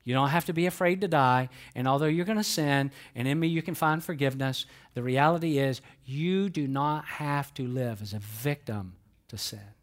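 A male pastor preaching at a church service, speaking with emphasis. His voice swells to loud, driving climaxes as he presses his points. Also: medium pitch, normal speed. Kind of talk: sermon.

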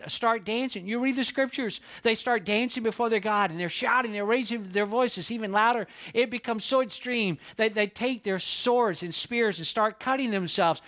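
A man preaching a sermon, retelling a story in a lively, conversational way with frequent asides to his listeners. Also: sits high. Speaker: pastor.

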